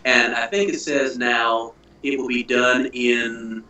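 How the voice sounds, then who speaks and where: A man's voice: medium pitch, level tone, slow pace, bright, forceful tone. A male host chatting casually and joking with guests while he calls in from abroad over an internet phone call. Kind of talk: casual chat. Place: abroad on tour, calling in. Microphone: phone call over Skype. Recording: echoey distant phone-call audio.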